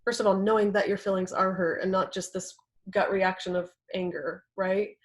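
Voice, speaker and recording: A young adult woman leads a class on communication, speaking in a relaxed, chatty way. She peppers her points with "right?" and "like". Her voice sits at an everyday middle pitch. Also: moderate pace. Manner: conversational, uses "right?" and "like" often. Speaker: workshop instructor. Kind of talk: teaching a class.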